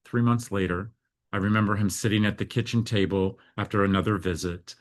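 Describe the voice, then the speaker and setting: A man's voice: fairly low pitch, steady tone, fairly quick. A middle-aged American man, a foster care advocate, telling his story in an interview with earnest, heartfelt feeling.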